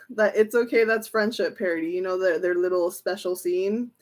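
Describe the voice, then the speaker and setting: A young woman reading tarot on a casual livestream, excitable and laughing often between phrases. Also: lowish voice, moderate pace. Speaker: tarot reader.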